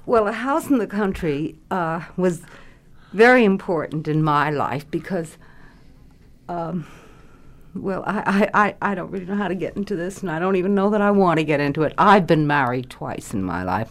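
Older woman, low voice, very lively pitch, interview reminiscing, animated storyteller. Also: moderate pace. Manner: animated storyteller, lively rises and falls, laughs readily. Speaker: interviewee, former radio actress. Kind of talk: reminiscing conversation.

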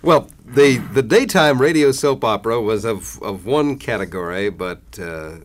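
A man hosting a radio interview series, measured and prompting. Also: medium pitch, expressive, a little hiss or hum.

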